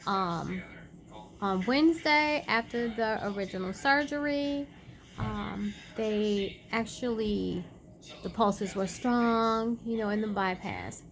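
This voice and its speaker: A woman vlogger casually retelling a personal story, chatty and animated, acting out quoted dialogue. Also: mid-range voice, takes it slowly. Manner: many fillers and restarts.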